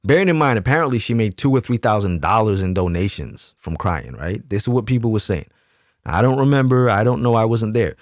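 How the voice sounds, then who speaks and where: A man's voice: fairly low pitch, animated, fairly quick, no echo. Emphatic man telling a story, dry sound. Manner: emphatic, keeps asking "right?". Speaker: YouTube commentator. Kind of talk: casual storytelling monologue.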